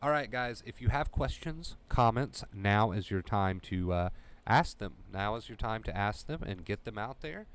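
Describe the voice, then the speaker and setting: A man's voice: fairly low pitch, lively intonation, moderate pace, clean tone. A man hosting a livestream as an anxiety coach, talking emphatically to his chat and repeating key phrases. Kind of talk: motivational livestream talk.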